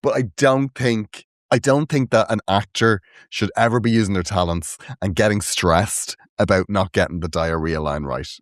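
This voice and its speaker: A man co-hosting a comedy podcast, chatting casually and breaking into high laughs and mock voices. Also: normal speed, few pauses, no room sound, studio quality. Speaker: podcast co-host.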